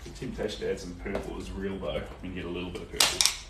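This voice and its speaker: A young New Zealand man with a fairly low voice speaks fast, relaxed and chatty, with lots of ums, while painting on a live stream in his indoor studio and replying to viewers. The sound is roomy and a bit distant, with faint noise beneath.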